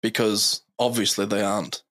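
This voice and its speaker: A man's voice: on the low side, little pitch movement, moderate pace, a bit bright. A man co-hosting a podcast, chatting casually with a playful, joking manner. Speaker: podcast co-host. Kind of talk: casual chat.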